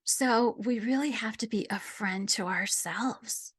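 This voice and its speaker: A middle-aged woman gently telling a personal story in a reflective conversation, dropping at times to a near whisper. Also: on the high side, slow pace, husky. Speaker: guest sharing a personal story.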